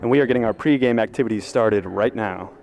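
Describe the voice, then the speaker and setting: A man broadcasting a high school basketball game, greeting viewers and reading out starting lineups in a friendly, deliberate way. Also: darkish tone. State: slightly out of breath.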